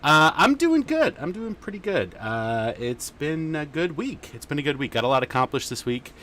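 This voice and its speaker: A man's voice: on the high side, very animated, moderate pace, sharp tone, slight background noise. A man hosting a casual livestream chat, rambling along with lots of fillers. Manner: rambling and chatty, many fillers. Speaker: podcast host.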